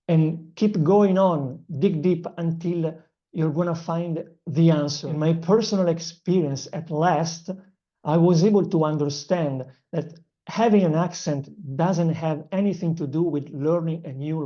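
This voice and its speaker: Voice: mid-range voice, mellow, lo-fi sound. Earnest speaker with an Italian accent. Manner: earnest, in short phrases with filler pauses. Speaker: English-learning channel host. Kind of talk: motivational language lesson.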